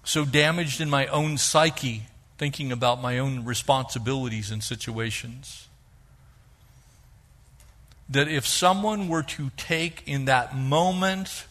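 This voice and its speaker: A middle-aged male pastor preaching a sermon, animated, acting out the voices he quotes. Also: mid-range voice, takes it slowly.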